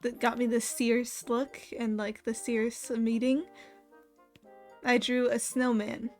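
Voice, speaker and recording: A young woman streamer chatting casually, telling a work story with frequent laughs and lively impressions of the people in it. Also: a little high, measured pace, faint music behind. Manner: laughs often while telling a story, animated quoting of others. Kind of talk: casual chat.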